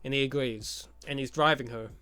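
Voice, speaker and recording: A man's voice: mid-range voice, steady tone, moderate pace, pushed and bright, dry recording. A man giving a casual, profane recap of a movie, full of sarcastic jokes and laughing asides. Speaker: YouTube movie commentator.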